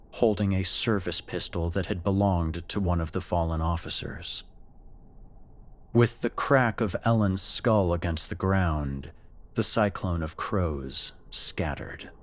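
A man narrating a scripted horror story in a measured, dramatic way. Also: deep voice.

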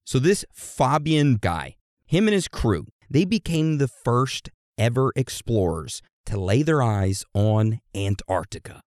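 A man's voice: mid-range voice, big pitch swings, takes it slowly, darkish tone, no echo, studio quality. A man hosting a podcast, telling history in a casual, joking, profane way. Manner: addresses co-host like a teacher. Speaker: podcast host.

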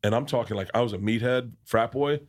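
A man's voice: mid-range voice, a little fast. Rambling man telling stories as podcast host. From American South. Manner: rambling, restarts often, swears freely. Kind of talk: casual storytelling chat.

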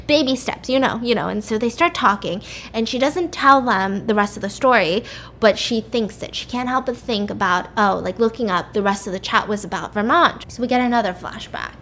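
A woman's voice: a little high, brisk, a bit bright, slight background noise. A young adult woman chattily recapping a story and leaning on "like" as she goes. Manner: chatty, uses "like" often.

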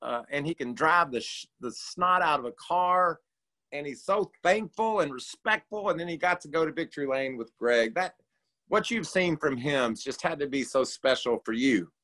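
A man's voice: fairly high pitch, expressive, normal speed, sharp tone, poor audio. Chatty man hosting a podcast. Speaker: podcast host. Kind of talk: casual interview chat.

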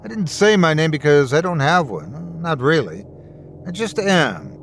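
A sinister boogeyman with no name speaks with slow, mocking relish, savoring every cruel memory, as a man reads him. His voice swings freely up and down as he gloats. It is a plain, everyday speaking voice, read as part of a horror story. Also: on the high side, very animated, creaky, slight background noise, exaggerated voice. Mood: taunting. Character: sinister taunting male boogeyman, ageless and gleeful.

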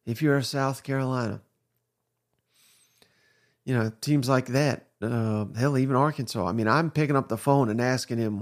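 A man's voice: mid-range voice, moderate pace, long pauses. A male podcast host giving casual, opinionated sports commentary, ranting with laughs and the odd curse. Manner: opinionated, animated rants with laughs and mild cursing.

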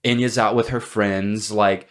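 A man co-hosting a podcast with a fairly low voice. He tells stories in a casual, self-mocking and dramatic way. He swears freely as he goes. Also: fairly even intonation, measured pace, fairly bright tone. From Texas. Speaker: podcast co-host. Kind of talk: casual chat.

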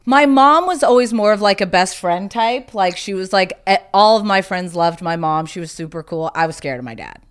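A woman's voice: mid-range voice, expressive, moderate pace, few pauses, clear, resonant tone. A woman from South Carolina, a podcast guest, telling stories in casual chat with many "like" fillers. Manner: chatty storyteller, fillers of "like".

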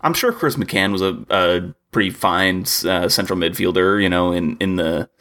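A young man co-hosts a casual football podcast in a very low voice with a gravelly edge. He rambles, restarts sentences and leans on fillers as he thinks aloud. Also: moderate pace, fairly bright tone. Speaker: podcast co-host. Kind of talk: casual sports chat.

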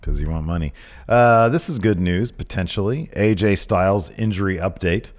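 A man co-hosting a podcast in loose, casual chat. He jumps in with excitable, jokey reactions. His voice sits on the low side. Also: normal speed. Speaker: podcast co-host.

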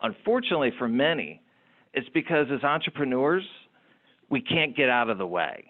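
An entrepreneur tells anecdotes in a lively, animated way, often restarting his sentences. His voice sits at a middle pitch. It comes through a thin, tinny, phone-like line. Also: moderate pace. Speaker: entrepreneur guest. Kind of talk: storytelling interview talk.

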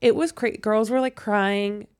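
A young woman telling stories on a podcast, enthusiastic and quick, with lots of fillers. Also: medium pitch, fairly even intonation, a little mellow, clean tone. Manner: enthusiastic, fast storytelling with many fillers. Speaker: podcast guest. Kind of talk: casual podcast chat.

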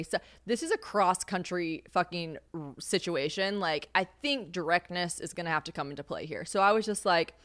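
A young woman talks straight into a podcast mic in a dry, close recording. Her voice sits a little low for a woman. She rambles through casual, self-mocking stories, swears freely and leans hard on "like". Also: moderate pace, a bit bright, clear, resonant tone, no echo. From United States. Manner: chatty and self-mocking, heavy use of "like", swears freely, laughs often. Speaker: podcast host. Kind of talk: casual solo podcast storytelling.

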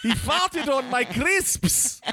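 A man putting on a crude, boastful mock-Scottish character with a put-on Scottish accent that slips toward Australian, repeating catchphrases and shouting them out. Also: very high-pitched, animated, takes it slowly, very noisy, pitched above the performer's own voice, heavily acted. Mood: rowdy. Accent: put-on Scottish, slipping into Australian. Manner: repeats catchphrases, loud exclamations. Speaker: podcast co-host. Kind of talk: comedic improv character.

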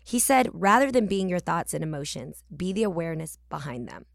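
A woman's voice: fairly low pitch, sing-song, brisk, vocal fry, no room sound, studio quality. A woman in her forties from the San Francisco Bay Area, hosting her podcast in a candid, chatty manner with casual slang. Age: 40s. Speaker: podcast host.

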